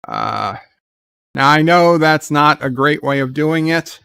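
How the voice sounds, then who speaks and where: A man hosting a casual live stream, with a smooth, resonant voice. He reads out viewer messages and talks back to them off the cuff. His speech wanders, full of "uh"s and restarts. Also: fairly high pitch, slow, sharp tone, no room sound. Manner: reads viewer comments aloud and answers them, loose and rambling with many "uh"s. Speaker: livestream host. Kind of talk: casual livestream chat.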